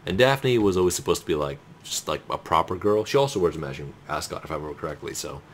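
A man's voice: deep voice, fast talker, slight background noise. A man from Russia, co-hosting a gaming show and chatting casually with wry jokes. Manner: wry, joking, animated. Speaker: co-host.

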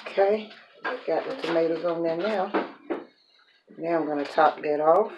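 A woman's voice: low-pitched, unhurried, lo-fi sound, very noisy. A woman chatting casually to the camera as she grills a burger, talking herself through each step and laughing at her own slips. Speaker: mukbang cooking vlogger. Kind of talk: casual cooking chat to camera. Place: home kitchen with grill.

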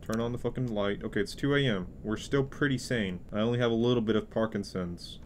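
A man's voice: on the low side, fast talker, background noise. Crude, joking young man playing a horror game. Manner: crude, joking, swings between yelling and muttering. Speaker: gaming youtuber. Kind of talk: let's play commentary.

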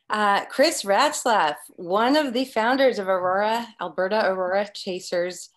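A woman's voice: mid-range voice, measured pace. A woman moderating a live Q&A panel over a video call, upbeat and effusive, laughing easily as she introduces guests.

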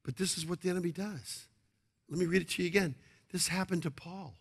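A man's voice: high voice, brisk, husky. A male pastor preaching a sermon, emphatic and repetitive, often asking the congregation to agree.

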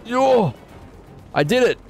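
A young man streaming a video game live, commenting in an excitable, jokey and self-mocking way. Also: very high-pitched, slow pace, soft background music.

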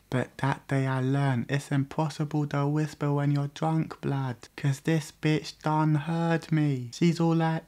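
A man, hosting a comic storytime monologue full of crude street slang, his pitch leaping up and down as he tells it. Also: a little slow, few pauses. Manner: crude, slang-heavy, animated storytelling with sudden pitch jumps. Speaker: storytime channel host.

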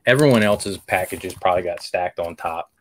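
A man's voice: low-pitched, moderate pace, slight background noise. A man co-hosting a casual podcast, telling his news in an easygoing way. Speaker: podcast co-host. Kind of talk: casual chat.

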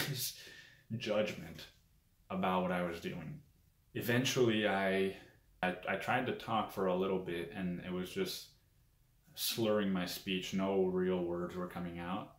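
A man with a very low voice tells a personal story in a loose, candid monologue. He swears freely and laughs nervously at himself now and then. The room around him is echoey. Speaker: vlogger telling a personal story.

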